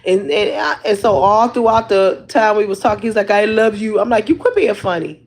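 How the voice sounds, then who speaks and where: A woman's voice: mid-range voice, lively intonation, a little fast, rough recording. A woman chatting casually to her livestream viewers, rambling along and laughing often, talking into a phone. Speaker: livestream host.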